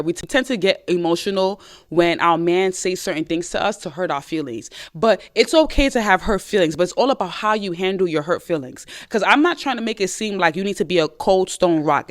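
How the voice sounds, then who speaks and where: A woman hosting a podcast, giving dating advice to listeners in an emphatic, casual way and repeating her points. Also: mid-range voice. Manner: emphatic, repetitive, addresses listeners directly; acts out short quoted lines in conversation.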